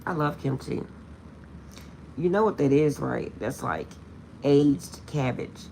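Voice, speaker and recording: A woman vlogger chats casually to her viewers with a gravelly, fry-tinged voice. She tells her story animatedly, laughing often and repeating that she is serious, over a faint hiss in the background. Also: rumbling low, lively intonation, slow, warm tone.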